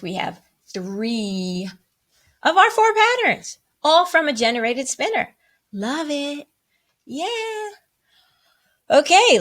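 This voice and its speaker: A woman music teacher leading a playful online rhythm lesson for children, cheering often and chanting rhythm syllables and counts. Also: fairly bright tone. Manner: bubbly and playful, with high whoops and cheers.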